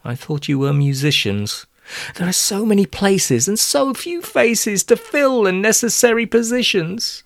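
A man's voice: medium pitch, wildly swooping pitch, measured pace, fairly bright tone, exaggerated voice. A man voicing an overenthusiastic male music teacher in a storybook reading. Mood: gushing. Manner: gushing, overenthusiastic.

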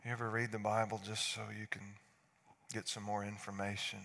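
A man in his forties preaching a sermon, swinging from hushed asides to loud outbursts. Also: lowish voice, level tone, fairly quick, vocal fry. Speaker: pastor. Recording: echoey hall.

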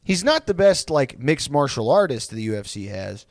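A man's voice: medium pitch, very animated, normal speed, no echo. A man hosting a podcast in casual chat, rambling storytelling with lots of swearing and restarts. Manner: rambling, profane, many restarts. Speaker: podcast host.

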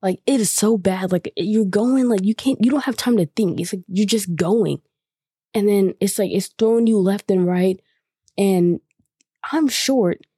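A woman's voice: mid-range voice, a little slow, mellow, husky, no room sound, clean studio sound. A woman podcast host telling a personal story in a rambling, casual way, full of fillers and the odd swear.

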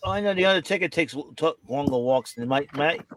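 A blustering, slang-heavy wrestler figure, played by a man doing a put-on voice. He talks high with lively, swooping pitch. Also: brisk, slight background noise. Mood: storytelling. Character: brash, blustering British-talking male wrestler. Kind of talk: comedic impression role-play.

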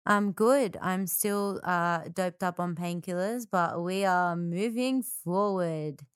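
A woman's voice: lowish voice, takes it slowly, clean tone, no echo, studio quality. An Australian woman co-hosting a podcast, chatting casually in a brash, joking way. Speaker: podcast co-host.

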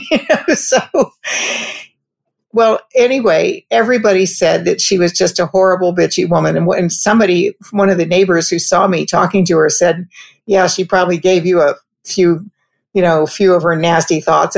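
A woman with a lowish, gravelly voice recounts a personal story in a conversational way. She sounds reflective and halting and often starts her sentences over. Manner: reflective, halting, with frequent restarts. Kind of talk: personal anecdote told conversationally.

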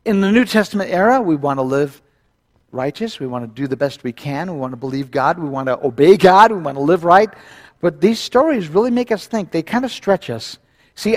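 A male pastor preaching a sermon, retelling a scripture story with lively asides to the congregation. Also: on the high side.

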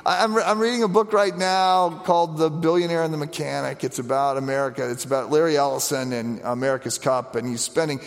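A man preaching a conversational sermon, animated, with frequent restarts and asides. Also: fairly high pitch, quick pace, hardly any pauses, long reverb tail. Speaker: pastor. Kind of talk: sermon on the stations of the cross.

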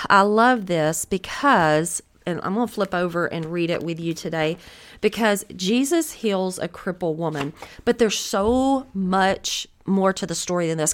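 A woman host giving a conversational devotional Bible teaching, earnest and encouraging, often thinking aloud. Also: mid-range voice.

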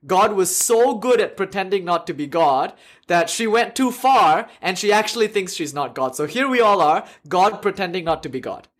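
A man giving a classroom lecture, his voice sitting a little high. He talks with animated energy, laughing often and restarting his sentences as he goes. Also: normal speed. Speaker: lecturer on religion.

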